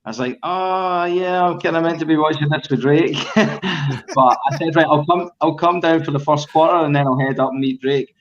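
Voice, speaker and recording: A man's voice: on the high side, a little fast, dull audio. A man telling a long, rambling fan story in a casual podcast chat, with lots of ums. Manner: rambling, relaxed, many ums.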